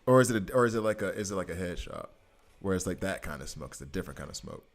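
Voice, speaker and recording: This fast-talking streamer in his thirties has a lowish voice. Playing a mobile game live, he keeps up casual commentary and banters with his chat.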